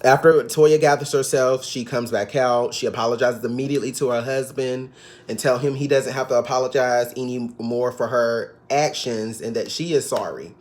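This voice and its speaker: A man's voice: mid-range voice, steady tone, normal speed, a little mellow. A man giving a casual, sassy recap of a reality TV episode, gossiping and now and then mimicking the cast. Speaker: TV recap vlogger.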